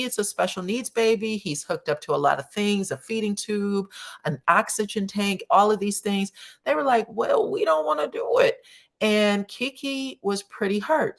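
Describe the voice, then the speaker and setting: A woman's voice: fairly low pitch, fairly bright tone. A woman commentator casually recapping a reality show episode, chatty and sassy, talking straight to her viewers. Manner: chatty, addresses viewers as y'all, sassy asides.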